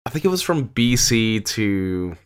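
Casual co-host: man from Canada, low voice that swings widely, laid-back rambling delivery. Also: sing-song, unhurried, smooth. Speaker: podcast co-host. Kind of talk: casual chat.

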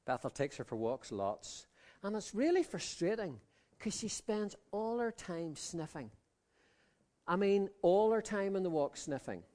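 A man preaching a sermon in a fairly high voice. He restarts his phrases, repeating words as he goes, and sinks to a low, quiet murmur to drive a point home. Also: unhurried. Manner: expressive, drops to a low murmur for emphasis.

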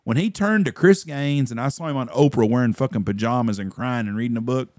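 A man, a podcast host telling a profane, animated story in casual chat. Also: medium pitch, a little fast, no echo, studio quality. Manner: profane, animated storyteller who acts out quotes.

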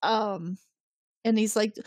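A woman's voice: mid-range voice, takes it slowly, no room sound. A woman co-hosting a podcast, casually recapping a TV episode and acting out the characters' lines with laughs. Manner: animated retelling, acts out lines with laughs. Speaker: podcast co-host.

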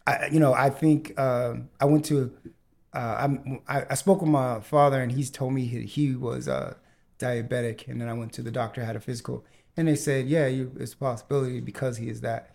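A man's voice: medium pitch, steady tone, a little fast, vocal fry, a little mellow. A man hosting a casual podcast chat, talking with many fillers and restarts. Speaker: podcast host.

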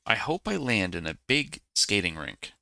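A man voicing a chatty, excited girl snowflake in a storybook. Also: lowish voice, moderate pace, gravelly, dry recording, exaggerated voice.

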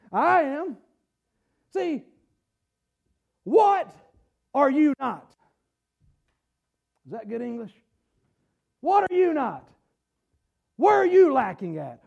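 A middle-aged man preaching a sermon as pastor, emphatic, repeating phrases and rising at times to shouts. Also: very high-pitched, gravelly.

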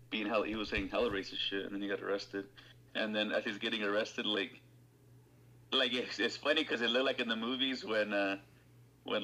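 Bright-voiced man rambling and cursing. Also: lowish voice, rough recording. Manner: rambling, profane, laughs a lot. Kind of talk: casual chat.

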